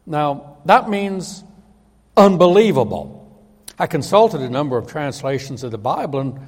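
A man preaching a sermon in a slightly high voice whose pitch rises and falls a lot. He speaks with emphasis and often acts out the voices of the people he quotes. A long hall reverb trails behind each phrase.

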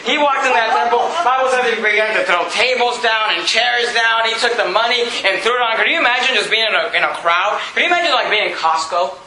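A man preaching a sermon in a folksy style. He reads scripture slowly and builds up to loud, emphatic peaks. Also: extremely high pitch, a little hiss or hum. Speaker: pastor. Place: church sanctuary. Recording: echoey church room.

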